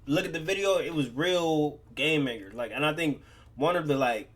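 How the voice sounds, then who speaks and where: A man's voice: on the high side, moderate pace, fairly bright tone, slight background noise. Laid-back, slangy male reaction host. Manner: laid-back, slangy, repeats "man" and "bro". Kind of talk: casual reaction chat.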